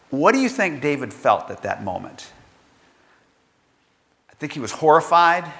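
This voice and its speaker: A man's voice: mid-range voice, fairly bright tone. A male pastor preaching a sermon, telling a story and acting out its characters. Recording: long hall reverb.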